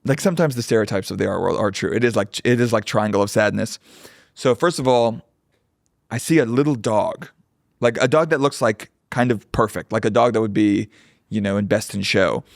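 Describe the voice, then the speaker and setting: This co-host has a gravelly, lowish voice and talks briskly in a casual podcast chat. He tells stories with real animation, swears, and does impressions of people he overheard, all in studio quality with no echo.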